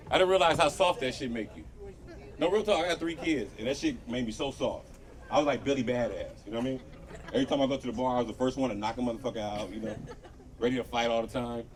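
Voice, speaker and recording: A man in his thirties from Los Angeles doing a loose, profane stand-up set with lots of crowd work on an outdoor patio. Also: mid-range voice. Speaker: stand-up comedian. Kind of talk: live stand-up comedy set. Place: outdoor patio comedy show. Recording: distant live audio with crowd laughter.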